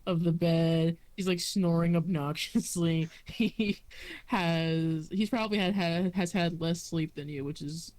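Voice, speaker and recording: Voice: medium pitch, steady tone, a little slow, darkish tone. Hesitant game master narrating. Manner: hesitant, lots of fillers and restarts.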